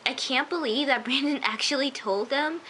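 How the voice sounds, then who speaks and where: A woman's voice: high-pitched, normal speed, bright, forceful tone, slight background noise, rough recording. A woman chatting emphatically as she recaps and reviews a TV episode, with lots of asides. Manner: chatty, emphatic, often says "I'm just like". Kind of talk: casual recap vlog.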